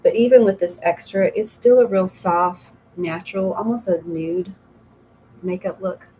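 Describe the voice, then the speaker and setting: A woman's voice: mid-range voice, unhurried, dark tone, slight background noise, rough recording. A middle-aged woman giving a casual makeup tutorial as a makeup consultant, rambling and chatty with frequent laughs.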